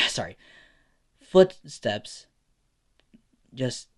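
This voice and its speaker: A man's voice: medium pitch, big pitch swings, drawn-out words, a bit bright. Man, slight lisp, casual improvised storytelling, rambling, filler-heavy. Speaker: fan story narrator.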